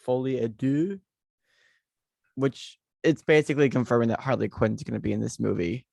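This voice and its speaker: A man's voice: mid-range voice, fast, gravelly, a little mellow, husky, no room sound, studio quality. A young American man hosting a podcast in a playful, teasing chat. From United States. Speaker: podcast host. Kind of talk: casual chat.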